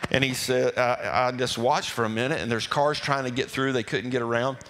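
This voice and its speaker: A man, a pastor, tells a folksy testimony to his congregation, animated and stumbling over repeated words. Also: mid-range voice, fairly quick. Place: church sanctuary. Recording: reverberant hall with faint music.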